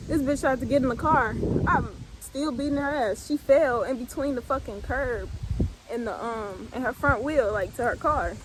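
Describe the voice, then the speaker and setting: High-voiced young woman telling a story. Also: moderate pace, background noise. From US Midwest. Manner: blunt, profane, laid-back storytelling with many fillers. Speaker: vlogger. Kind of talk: casual storytime.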